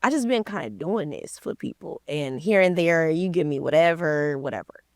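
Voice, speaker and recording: A woman's voice: low voice, moderate pace, no echo. A woman guest in an interview, telling a story in casual slang and acting out the people in it. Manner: lively storyteller, slangy, acts out quoted people. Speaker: interview guest, credit repair coach.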